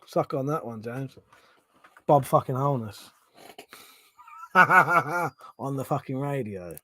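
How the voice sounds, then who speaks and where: A man's voice: medium pitch, animated, slow, bright, forceful tone. A man with a Home Counties English accent hosting a casual live stream, reading out chat questions, thinking aloud and swearing freely.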